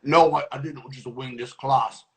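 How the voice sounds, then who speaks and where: A man hosting a casual livestream cooking class, talking in a goofy, playful way with mock-rough slang. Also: medium pitch, steady tone, a little slow, slight background noise.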